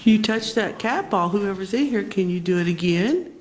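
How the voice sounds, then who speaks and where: A paranormal investigator gently asking spirits questions and pleading with them to light up the devices in an old seminary building. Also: medium pitch, lively intonation, moderate pace, slight background noise. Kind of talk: ghost-hunt session calling out to spirits.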